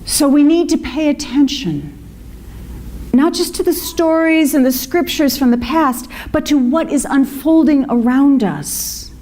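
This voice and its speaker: A woman's voice: sits high, lively intonation, unhurried, warm tone. A woman minister giving a conversational sermon, with fillers and asides to the congregation. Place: congregation hall.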